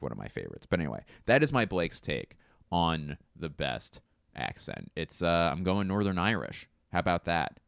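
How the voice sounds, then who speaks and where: A man with a low, smooth voice hosts a casual solo podcast, rambling loosely and swearing freely as he goes. He restarts his sentences often and leans on fillers. The recording is dry and close. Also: fairly bright tone, no echo. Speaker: podcast host.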